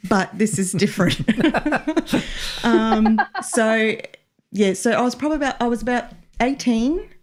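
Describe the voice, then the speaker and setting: A woman co-hosting a radio chat, talking in a reflective and emotional way about her own experiences. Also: a little high. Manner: emotional, reflective, slow in places. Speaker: radio co-host.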